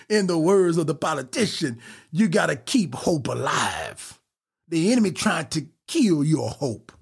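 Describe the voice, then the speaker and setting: A man with a high, husky voice delivers a fervent podcast sermon. He preaches with a rising, rhythmic exhortation, rushing some phrases and stretching others for emphasis. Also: sing-song.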